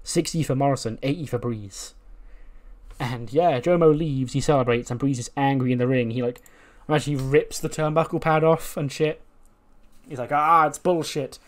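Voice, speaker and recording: A man's voice: mid-range voice, normal speed, a little mellow. A man casually narrating and commenting on his wrestling management game. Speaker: let's-play host.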